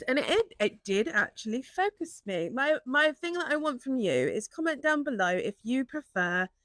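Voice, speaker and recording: A young British woman chatting casually in a vlog about her small craft business, rambling and laughing often and jumping up into high excited tones. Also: no room sound. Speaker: small business owner and vlogger.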